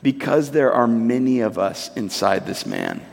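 Hushed, slow-talking male demon voiced by a preacher, low menace, long hall echo. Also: huge pitch swings, gravelly, slight background noise, full character voice. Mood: menacing. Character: quiet low male demon speaking through a man.

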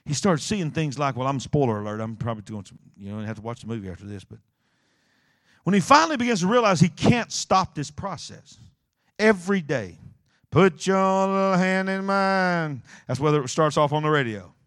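A male pastor preaching a sermon, telling a story with dramatic swings from hushed to shouting. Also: fairly high pitch, a little fast, no room sound, clean studio sound. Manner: animated storytelling, acting out scenes, swinging from quiet to shouting.

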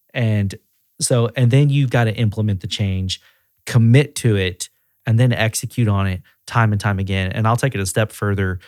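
A man who directs a group of auto repair shops, talking as a guest in a casual podcast conversation. He speaks in a relaxed, conversational way. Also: lowish voice, moderate pace, no echo, clean studio sound. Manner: relaxed and conversational, often acting out quoted voices.

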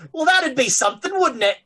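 A woman's voice: mid-range voice, a bit bright, breathy edge, exaggerated voice. A woman voicing a male sorcerer who rambles casually and is nonchalant about gore.

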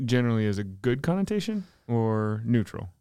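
A man's voice: mid-range voice, very animated, a little fast, warm tone, clean tone, no echo. A man co-hosting a podcast with a mid-range voice. He asks brief, curious questions, recorded dry and close. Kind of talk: casual chat.

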